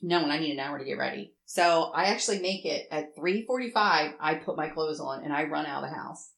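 A woman telling a rambling story in casual chat, animated and swearing often. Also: deep voice, fairly quick, creaky. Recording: roomy echo.

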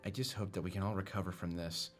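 A man's voice: sits low, steady tone, fast talker, faint music behind. A man playing a tabletop role-playing game, speaking earnestly in character. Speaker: player.

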